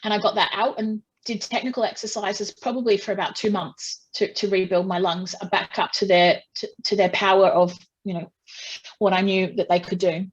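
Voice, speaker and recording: A woman speaks in a loose, chatty way, at a middling pitch, with many restarts and asides. She tells her story at length and briefly acts out the people in it. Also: fairly even intonation, moderate pace, slightly rough, highs cut off. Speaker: singer being interviewed. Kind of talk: casual interview talk.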